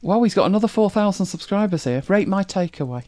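A streamer from northern England with a softened northern English accent, chatting casually to viewers while reacting to videos, musing aloud and laughing often. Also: mid-range voice, big pitch swings, brisk.

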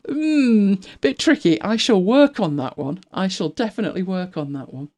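A woman's voice: on the low side, lively intonation, brisk, a little mellow. A woman in her fifties hosting a podcast in casual, rambling chat, laughing often and now and then dropping to a whisper. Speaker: podcast co-host.

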